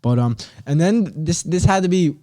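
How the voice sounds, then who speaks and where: A young man hosting a podcast, telling stories in an excitable, slangy, animated way. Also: a little high, moderate pace. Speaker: podcast host. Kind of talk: casual solo podcast chat.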